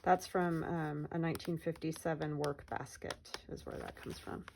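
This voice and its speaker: A woman with a lowish, gravelly voice gives a relaxed walkthrough of her craft project. She talks in a chatty, meandering way and often trails off mid-thought. A faint hiss sits under her voice. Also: normal speed. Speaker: craft vlogger. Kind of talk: casual journal flip-through narration.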